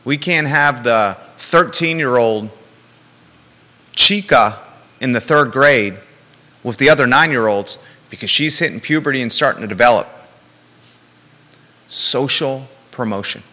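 Bright-voiced blunt talk show host, man. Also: medium pitch, a little slow, pauses often, in a large hall. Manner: blunt, emphatic, joking asides. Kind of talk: opinionated live talk show.

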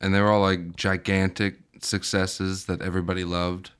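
Here a man with a lowish, smooth and clear voice talks films in an easygoing podcast chat. He drops dry, wry jokes with a relaxed, offhand delivery. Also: moderate pace. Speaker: podcast co-host. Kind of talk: casual chat about movies.

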